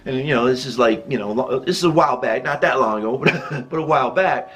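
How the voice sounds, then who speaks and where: A man's voice: mid-range voice, fast talker, a bit bright, soft background music. A man hosting his own vlog, telling a loose, rambling story and chuckling often as he goes. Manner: loose and rambling, with many restarts and fillers. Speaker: channel host.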